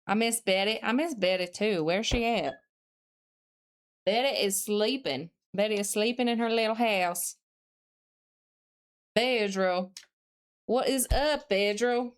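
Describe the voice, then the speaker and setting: A woman's voice: mid-range voice, slow, long pauses. A woman streamer chatting casually on a live stream, reading chat messages aloud, answering them, and thinking aloud while she studies.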